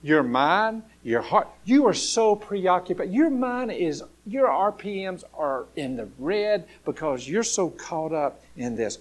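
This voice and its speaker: Male pastor, higher register, folksy sermon delivery with rising emphatic peaks. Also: big pitch swings, slow, few pauses. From Alabama, USA. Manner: folksy, swings from soft asides to rising, emphatic calls.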